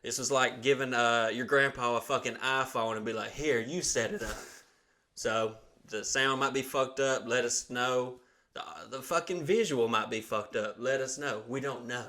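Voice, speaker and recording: Crude, bright-voiced young man telling stories. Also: mid-range voice, measured pace. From Southern United States. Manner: crude, rambling, animated storytelling with acted quotes. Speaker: podcast host. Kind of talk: casual profane storytelling.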